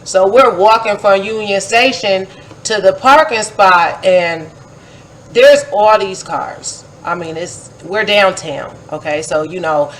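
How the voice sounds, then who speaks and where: Chatty, animated woman telling a story. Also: mid-range voice, slow pace, rough recording. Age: about 40. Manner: animated, chatty, full of "like" and "you know"; acts out her own past remarks in a livelier voice. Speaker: poet and vlogger. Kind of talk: casual personal storytelling.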